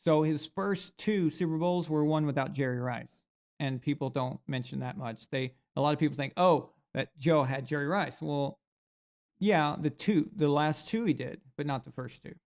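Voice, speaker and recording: A man's voice: a little high, moderate pace, darkish tone. A man hosting a live sports reaction stream, talking casually and animatedly. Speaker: sports show host.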